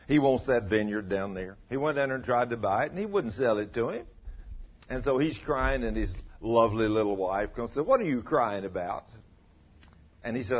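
A man preaching a sermon in a folksy way, asking the listeners rhetorical questions and telling stories. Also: breathy edge. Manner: folksy, rhetorical tag questions, dramatic pitch swings. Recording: dull lo-fi recording.

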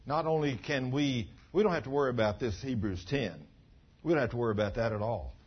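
A man's voice: medium pitch, a little fast, husky. A man preaching a sermon, emphatic and full of rhetorical questions, often acting out remembered conversations. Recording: dull lo-fi sermon recording.

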